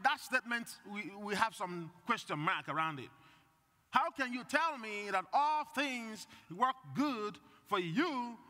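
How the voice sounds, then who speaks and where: A man's voice: very high voice, pushed and bright. A male priest giving a conversational sermon and putting questions to the congregation. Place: church. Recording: long reverb in a church.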